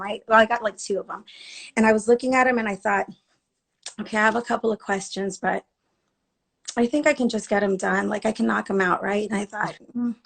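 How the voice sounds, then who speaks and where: A woman from Latina, an actor, chats casually on a live video in a fairly bright, mid-range voice. She rambles and acts out the thoughts she quotes.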